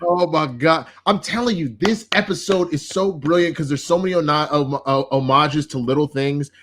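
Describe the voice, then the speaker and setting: A man co-hosting a casual TV review chat, excited, swearing often and acting out lines. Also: a little high, moderate pace, a little hiss or hum. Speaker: co-host.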